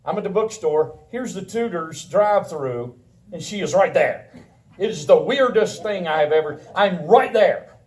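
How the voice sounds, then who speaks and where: A man preaching a sermon in a conversational, animated way, telling a personal story and laughing often. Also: sits high, normal speed. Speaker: pastor. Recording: roomy sound from a distant mic.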